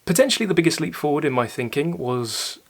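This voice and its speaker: A young man hosting his own channel, answering viewer questions in a thoughtful, earnest way, often pausing with fillers and restarting his sentences. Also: fairly high pitch, big pitch swings, creaky. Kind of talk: casual solo talk to camera.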